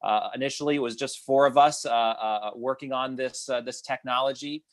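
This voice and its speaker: A man's voice: mid-range voice, fairly even intonation, normal speed. A man, a startup founder, telling his company's founding story on a video call panel, hesitant with many filler words.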